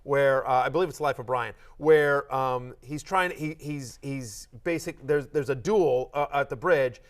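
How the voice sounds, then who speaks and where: A middle-aged man hosting a casual sports podcast, talking in an animated, joking way with quick restarts. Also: medium pitch. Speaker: host.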